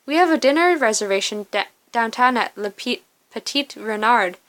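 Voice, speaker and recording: A nervous young man fumbles through his plans, hesitant and unsure of himself. A woman reads him in her own fairly high voice, with little change from her everyday tone. It plays out like a story game read aloud. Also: animated, normal speed, fairly bright tone. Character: nervous young man planning a first date.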